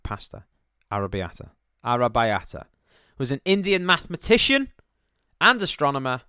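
A man's voice: on the low side, bright, forceful tone, clear, resonant tone, no room sound, clean studio sound. A man co-hosting a comedy podcast, swearing freely and riffing crudely with his friends. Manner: crude, heavy swearing, mocking riffs. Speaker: podcast co-host. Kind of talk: casual comedic chat.

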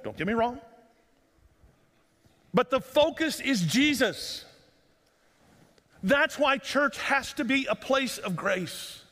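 A man's voice: very high voice, fairly bright tone. A man preaching a sermon as pastor, earnest and pleading, pressing his listeners with repeated rhetorical questions. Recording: long reverb of a large room.

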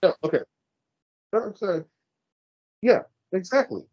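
Man, podcast co-host, husky, profane ranting, dry dull lo-fi recording. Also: high voice, sing-song, unhurried, a little mellow, dry recording. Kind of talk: casual podcast chat.

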